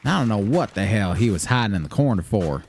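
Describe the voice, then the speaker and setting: Here the same Michigan-born, mostly Southern-raised streamer sounds on the low side, with lively intonation and a darkish tone, talking a little fast. He swears freely in a put-on drawl while casually commenting on his game, with slight background noise.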